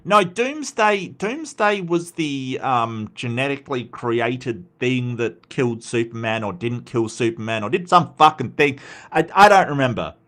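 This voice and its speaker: Sweary Australian man, lively pitch. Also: a little slow. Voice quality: sweary, blunt, rambling with restarts. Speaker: commentary host. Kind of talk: casual reaction commentary, reading chat.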